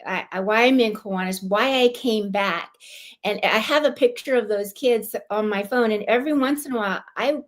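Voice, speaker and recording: A woman from California, a guest on a live-streamed club show, telling a personal story in a heartfelt, animated way. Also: mid-range voice, normal speed. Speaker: guest, club lieutenant governor.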